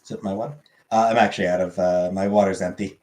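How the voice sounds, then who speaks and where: A man chatting casually as a streamer, answering viewer comments in a halting, rambling way with lots of fillers. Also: deep voice, fairly even intonation, darkish tone, echoey room, rough recording.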